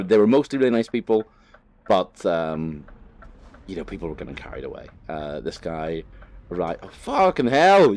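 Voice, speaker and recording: Man, deep voice, rambling gaming commentary, full of ums and swearing. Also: darkish tone. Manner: rambling, laid-back, sweary, lots of fillers. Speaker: gaming vlogger. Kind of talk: casual commentary while playing a driving game.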